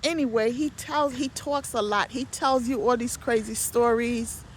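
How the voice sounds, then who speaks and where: A woman's voice: a little high, fairly even intonation, unhurried, slight background noise. A woman casually telling neighborhood stories in a chatty, gossipy monologue, cursing now and then and excusing herself. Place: outdoors near parked vehicles.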